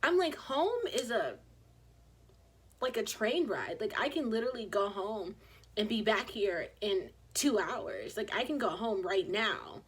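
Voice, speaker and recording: A young woman in her twenties tells a long story straight to the camera, her voice a little husky. She talks casually and animatedly, slipping into the voices of the people in the story. Her pitch sits in the middle of the range. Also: measured pace. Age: 20s. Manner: animated, acts out quoted people. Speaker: vlogger.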